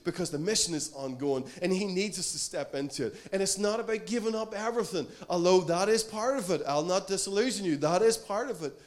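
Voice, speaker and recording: An Irish pastor preaches a sermon in an earnest, storytelling manner, frequently acting out the voices of the characters in his stories. His voice is on the high side.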